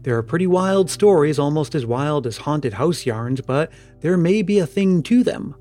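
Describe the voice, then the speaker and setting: A man reading the lines of a curious, commanding police lieutenant in a storybook, brisk and decisive. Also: on the high side, animated, warm tone, soft background music, close to an everyday voice.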